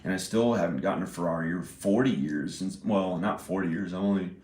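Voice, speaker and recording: A man's voice: low voice, a little fast, darkish tone. A man in his forties rambling in a casual monologue, often laughing and swearing. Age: 40s. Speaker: indie filmmaker. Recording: roomy echo.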